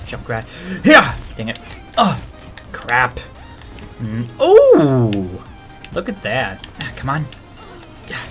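Excitable trash-talking gamer guy. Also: a little high. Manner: excitable, trash-talking, frequent shouted outbursts. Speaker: gamer and video creator. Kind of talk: let's-play commentary.

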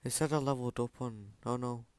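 A young man shouting, laughing and swearing through panicky let's play commentary. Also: medium pitch, steady tone, brisk, clean tone, no echo. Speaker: gaming channel host. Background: game music.

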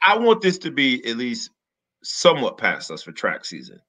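A man's voice: mid-range voice, huge pitch swings, normal speed, crowd noise. A middle-aged man from the American South in casual sports chat, emphatic and opinionated. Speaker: sports talk co-host.

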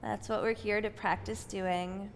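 A woman guiding a yoga session in a slow, soothing voice with gentle, steady instructions. Her words trail off into a long reverb from a spacious room, with faint ambience underneath. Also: medium pitch, a little hiss or hum. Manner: calm, soothing, unhurried cues. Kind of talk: guided yoga class instruction.

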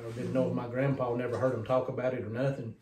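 A man's voice: mid-range voice, little pitch movement, fast, warm tone, distant mic. A middle-aged father, talking plainly and briefly at home. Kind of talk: casual family chat. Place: home kitchen. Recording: roomy, off-mic, noisy room.

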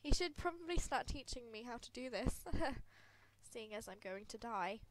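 A woman's voice: on the high side, animated, moderate pace. Sick woman rambling over gameplay. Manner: giggly, rambling, self-deprecating. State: ill, congested and sniffly. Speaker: gaming video creator. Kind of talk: casual gameplay commentary.

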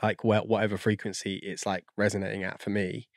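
A man's voice: on the low side, flat delivery, fairly quick, no room sound, clean studio sound. A man, a guest on a podcast, talking in a rambling, casual way and searching for words with lots of fillers. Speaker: guest audio engineer.

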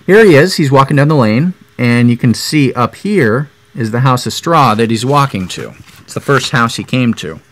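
A man's voice: mid-range voice, animated, normal speed, fairly bright tone, dry recording. A man reading a picture book aloud, breaking off in chatty asides to point out the pictures.

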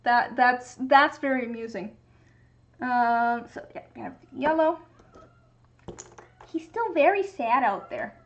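Young woman streamer, high voice, casual rambling crafting chat, slightly dull lo-fi mic. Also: measured pace, long pauses. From United States. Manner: rambling, musing aloud, reading chat. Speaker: livestreamer.

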